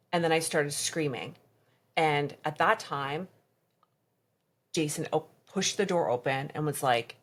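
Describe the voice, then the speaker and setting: A woman as a podcast guest recounting a personal story in conversation, halting and reenacting past dialogue. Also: sits low.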